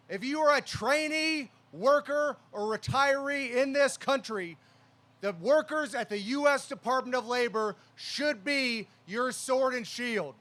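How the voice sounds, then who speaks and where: Man, union leader at an outdoor rally, very high pitch, impassioned refrain-driven delivery. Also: a little slow, sharp tone. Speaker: union local president, rally speaker. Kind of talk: fiery rally speech.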